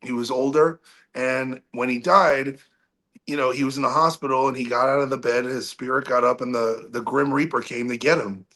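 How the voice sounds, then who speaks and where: A man with a mid-range voice, a rock singer talking as a podcast guest. He tells a long story in a casual, animated way, restarting his sentences often. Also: medium pitch, brisk.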